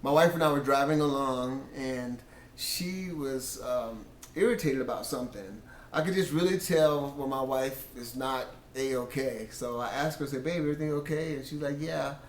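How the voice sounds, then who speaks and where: A man's voice: mid-range voice, moderate pace, roomy sound, slight background noise. A man sharing a casual Christian testimony about his marriage in an earnest storytelling way, quoting himself and his wife.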